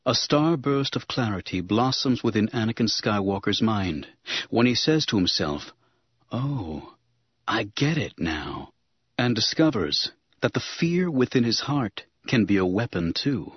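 A man giving dramatic, expressive audiobook narration. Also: lowish voice, normal speed, breathy edge, dry recording. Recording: dull recording with music underneath.

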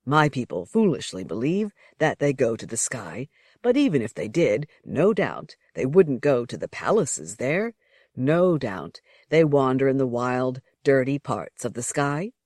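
A reader voicing a deferential male servant who acts as a guide, speaking calmly and politely. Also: medium pitch, measured pace, dry recording, clean studio sound. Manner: calm, polite, explaining.

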